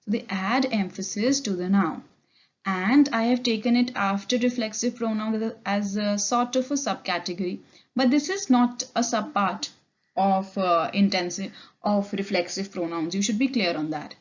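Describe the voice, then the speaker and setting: A woman's voice: medium pitch, normal speed. A young woman with an Indian accent teaching an English grammar lecture, explaining step by step and checking in with "okay?". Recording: dull lo-fi recording.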